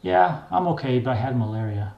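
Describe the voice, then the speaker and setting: A man's voice: medium pitch, animated, a little fast, creaky, echoey room, highs cut off. A man reading a memoir voices his weary adult son reassuring his parents on the phone. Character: tired young man, son calling from abroad.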